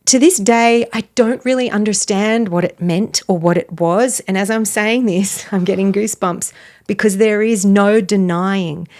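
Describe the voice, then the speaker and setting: A middle-aged woman, a wellness author and podcast guest, telling a personal story in an earnest, animated way. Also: medium pitch, moderate pace. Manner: earnest, animated, laughs between phrases.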